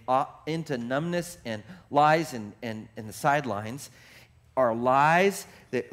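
A man pastor preaching a sermon, moving from hushed, reflective passages to shouted, rapid-fire exclamations, and putting questions to the congregation. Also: medium pitch.

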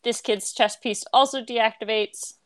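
A woman's voice: on the high side, fairly even intonation, measured pace, dry recording. A woman narrating as game master of a tabletop game, casual and laughing often.

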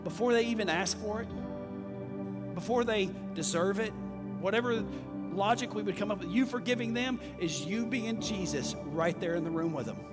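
A pastor with a high-pitched voice preaches a sermon at normal speed to a congregation in a church sanctuary, speaking conversationally and calling out for amens. The recording carries long hall reverb and faint music.

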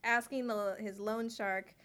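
A woman's voice: medium pitch, steady tone, a little slow. A woman from the US West Coast, chatting casually as a podcast co-host and laughing often while she talks about a film. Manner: warm, giggly, enthusiastic. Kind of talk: casual movie discussion.

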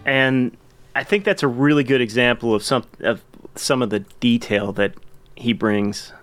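A man hosts a casual podcast about music, talking eagerly at a middle pitch. He rambles a little and restarts his sentences as he goes. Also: moderate pace, fairly bright tone. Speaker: podcast host.

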